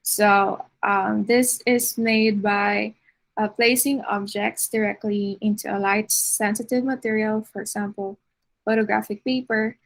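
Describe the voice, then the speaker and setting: A woman giving an art lecture over slides, unhurried, with frequent fillers and restarts. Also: medium pitch, rough recording.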